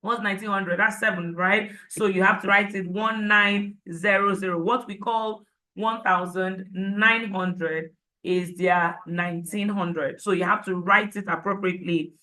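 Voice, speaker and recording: A woman leads an exam-prep lesson in a bright, forceful voice. She drives each tip home by restating it and checking in with the class through quick rhetorical questions. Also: mid-range voice, fairly even intonation, rough recording. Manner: repetitive, emphatic, rhetorical questions to students. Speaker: IELTS prep teacher. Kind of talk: live online class lecture.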